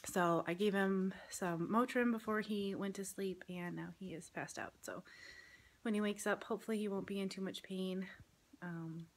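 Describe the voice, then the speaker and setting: Chatty mom vlogger with lots of fillers. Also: female voice, mid-range voice, fairly even intonation, moderate pace. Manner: chatty storytelling with many fillers. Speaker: vlogger, mother. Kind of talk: casual family vlog chat. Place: home, partly outdoors in a yard.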